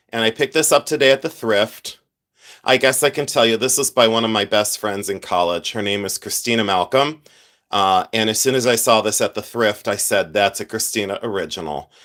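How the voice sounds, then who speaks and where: A man's voice: medium pitch, moderate pace, fairly bright tone. A middle-aged man hosting a casual livestream, chatty and rambling and congested from his sinuses. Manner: chatty, rambling, thanks viewers often. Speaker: livestream host, jewelry collector. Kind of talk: casual live-stream chat.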